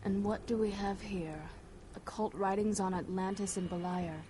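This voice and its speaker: A woman's voice: medium pitch, steady tone, moderate pace, mellow, close to an everyday voice. An actress voicing a cool, sardonic female vampire heroine in a video game, heard through noisy game audio. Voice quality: dry, sardonic.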